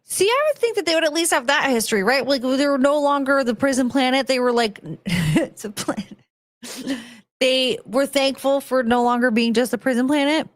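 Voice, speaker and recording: A woman's voice: sits high, moderate pace, no echo, clean studio sound. A woman streamer chatting casually and reading viewer messages aloud, rambling and laughing at herself often. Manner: rambling, giggly, self-mocking. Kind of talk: casual live-stream chat.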